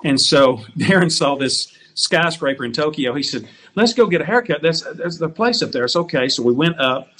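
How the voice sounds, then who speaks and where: A man's voice: a little high, animated, normal speed, fairly bright tone. A man telling funny road stories as a guest on a talk show, laughing as he goes. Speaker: guest musician. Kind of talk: casual storytelling on a talk show.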